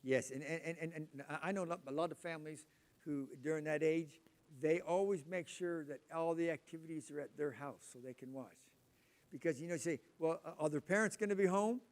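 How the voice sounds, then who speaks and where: Speaking in a drawl with a slightly higher-than-typical male pitch, an older man gives a loose, conversational sermon. His intonation is fairly even, his pace brisk, and his tone darkish. He rambles, stumbles and repeats words, and pauses to ask the congregation questions in chatty asides.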